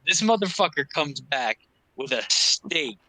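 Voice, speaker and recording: A man co-hosting a podcast, telling animated, profane anecdotes in casual chat. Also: fairly high pitch, unhurried, dry recording, poor audio. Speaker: podcast co-host.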